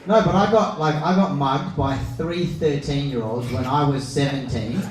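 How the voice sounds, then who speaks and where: A young man's mid-range voice comes across at normal speed, far from the mic, in an echoey pub function room with a crowd present. He's the comedy night's MC on stage, doing brash crowd work, ribbing the audience, and cursing freely.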